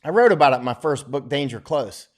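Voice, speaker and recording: A middle-aged man holds forth in a loose, rambling monologue to his viewers. He is blunt and a little boastful, with an average-pitched voice, and often chuckles at his own remarks. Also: animated, quick pace. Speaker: war correspondent. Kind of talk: casual livestream monologue.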